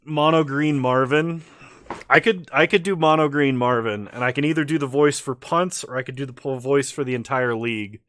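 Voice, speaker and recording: A man's voice: medium pitch, moderate pace, dry recording. A man streaming a card game with casual commentary, laughing often and a little tipsy after a few beers. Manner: laughs often, relaxed and chatty.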